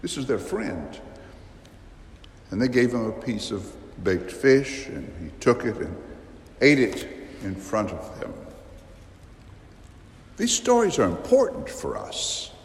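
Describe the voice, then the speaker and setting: Priest, male, unhurried sermon delivery, vivid and emphatic, big church reverb. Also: mid-range voice, sing-song. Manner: slow, emphatic, vivid storytelling with sudden rises. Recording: long reverb of a large church.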